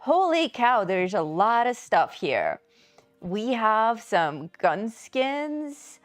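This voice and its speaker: A woman's voice: a little high, sing-song, very slow. A woman co-hosting a game livestream, chatting casually and giggling good-naturedly.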